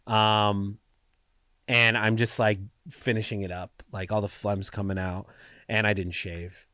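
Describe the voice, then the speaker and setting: A man's voice: on the low side, level tone, unhurried, bright, forceful tone. A young man co-hosting a podcast, his voice stuffy and congested from a lingering cold. He sounds tired but stays easygoing. The sound is dry and close, with no room echo. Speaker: podcast co-host. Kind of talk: casual chat.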